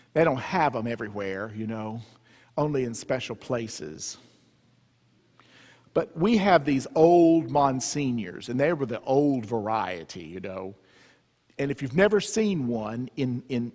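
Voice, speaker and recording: A man from the Southern US with a Southern accent, giving a humorous retreat talk and quizzing the audience. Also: medium pitch. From Southern US, Memphis area. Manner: joking, conversational, engaging the audience with questions. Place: church. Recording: reverberant church hall.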